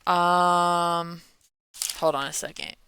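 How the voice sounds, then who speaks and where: A woman's voice: on the low side, steady tone, takes it slowly, creaky, sharp tone, smooth. A tired millennial woman in her thirties, rambling through a casual Q&A vlog, often trailing off and yawning. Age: 30s. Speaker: meme creator.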